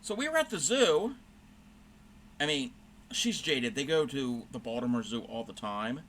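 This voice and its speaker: Chatty man with a bright voice. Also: medium pitch, very animated, measured pace, slight background noise. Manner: rambling, chatty, with many fillers and self-corrections. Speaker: crafting livestream host. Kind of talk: casual storytelling while stitching.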